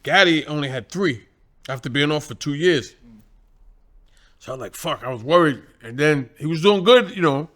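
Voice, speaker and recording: This middle-aged man trains boxers and tells loose, profane stories in casual talk, his voice on the high side and his pace moderate. He's lively throughout, putting on the voices of the people in his tales.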